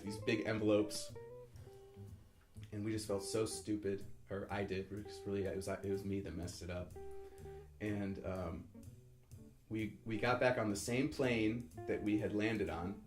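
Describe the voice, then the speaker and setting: A man's voice: fairly low pitch, steady tone, moderate pace, roomy sound, music in the background. A man in his twenties casually telling a story, rambling and correcting himself as he acts out the people in it. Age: 20s. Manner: rambling, self-correcting, acts out quoted voices.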